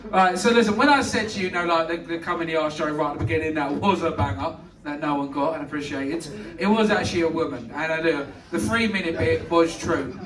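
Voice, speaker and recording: A man's voice: fairly high pitch, quick pace, hardly any pauses, distant mic. A British man hosting a comedy night, telling crude jokes and bantering brashly with the crowd. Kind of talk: live stand-up, compering. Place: comedy club stage. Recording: echoey club heard from afar. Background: audience laughter.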